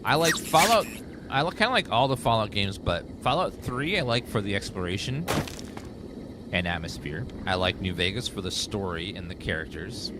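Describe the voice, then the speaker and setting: A male streamer gives casual let's play commentary, rambling and chatting with his viewers. His lowish voice has lively intonation and a moderate pace, with background noise and loud game sound underneath.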